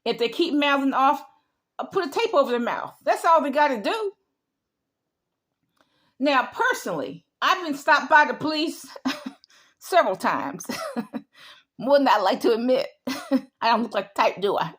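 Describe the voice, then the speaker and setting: A woman's voice: high voice, animated, a little slow, long pauses, fairly bright tone. A middle-aged woman giving an emphatic opinion monologue, repeating her points in a lecturing way. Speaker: vlogger.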